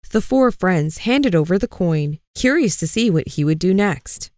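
A woman narrating a folk tale in a slow, expressive storybook style. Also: on the low side, no room sound, studio quality. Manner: slow, expressive, clearly paced.

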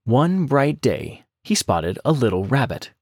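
A man narrating a children's storybook in a lively, expressive scripted reading. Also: medium pitch, measured pace, husky, no echo, clean studio sound.

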